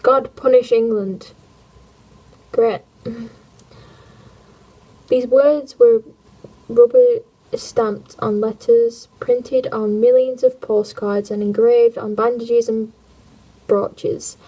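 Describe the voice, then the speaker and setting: Slow, jokey woman reading history aloud. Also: on the high side, steady tone, dark tone, poor audio. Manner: jokey, punning, wry asides.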